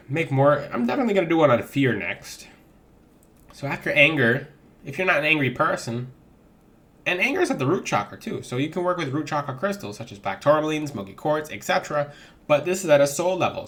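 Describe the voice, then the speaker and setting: A man's voice: mid-range voice, fairly bright tone. A man giving spiritual advice to camera in a casual vlog. He preaches with animation and laughs readily. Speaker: spiritual vlogger selling gemstones.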